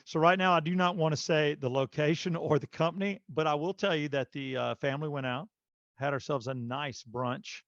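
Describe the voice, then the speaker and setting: A man hosting a casual podcast tells a story with animated energy, stumbling through fillers as he goes. His voice sits a little high for a man and sounds dry, close to the mic, and slightly muffled. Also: normal speed, dry recording. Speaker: podcast host.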